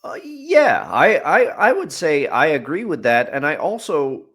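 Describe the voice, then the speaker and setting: A man's voice: a little high, huge pitch swings, a little slow, fairly bright tone. A man co-hosting a sports podcast in casual chat, joking and bantering playfully. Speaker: podcast co-host.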